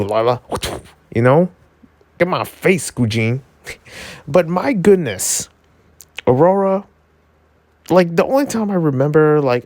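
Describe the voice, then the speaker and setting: A man giving a casual episode review, excitable and rambling, full of filler words and jokes. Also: a little slow, long pauses, dry recording. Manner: jokey, yelps into high pitch.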